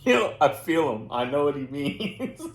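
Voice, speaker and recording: A man's voice: on the high side, big pitch swings, normal speed, roomy sound. A man hosting a reaction video, chatting casually and laughing often at what he watches. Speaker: reaction channel host.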